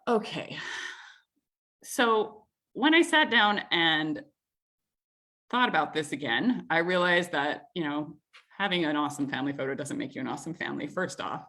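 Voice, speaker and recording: A woman in her thirties hosting a community group, telling a family story in a chatty, animated way, with frequent laughs and filler words. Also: deep voice, moderate pace. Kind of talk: casual storytelling in an online group talk.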